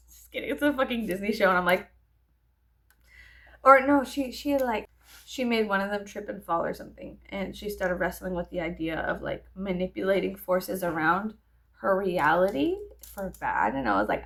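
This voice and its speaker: A woman's voice: medium pitch, animated, moderate pace, a bit bright. A woman in her thirties chatting casually while getting ready, rambling and joking with lots of profanity. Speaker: vlogger. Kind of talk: casual get-ready-with-me chat.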